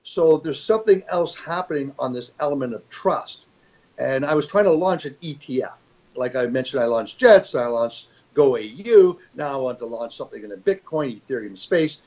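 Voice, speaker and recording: A man's voice: medium pitch, animated, normal speed, a little mellow, dull audio. An older man giving an interview as a fund executive, talking in a rambling, emphatic way with many restarts. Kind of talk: conversational interview.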